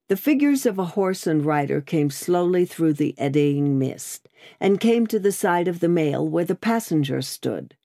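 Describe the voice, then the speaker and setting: A woman narrating an audiobook in a steady, measured reading voice. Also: deep voice, no room sound, studio quality.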